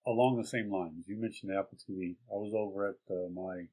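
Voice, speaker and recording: A man's voice: low voice, fairly even intonation, fast, a crowd in the background. A man co-hosting a tech podcast, chatting casually and hesitantly with hedging asides. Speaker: podcast co-host.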